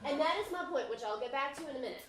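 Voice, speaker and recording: An actress on stage playing a protective, heartfelt grown daughter with a Southern accent, giving an emotional family speech. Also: female voice, high-pitched, lively intonation, very fast, a bit bright, slight background noise. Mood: earnest. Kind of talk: stage play acting. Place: stage in a small theater. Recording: echoey theater from far off.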